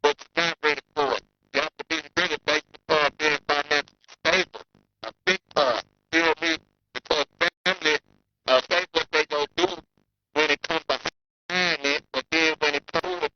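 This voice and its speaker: A man's voice: fairly high pitch, fairly even intonation, normal speed, pushed and bright, muffled recording, slight background noise. A man with a Southern accent, a guest in a casual chat, rambling earnestly and leaning on the same phrases. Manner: rambling, earnest, keeps saying "based upon".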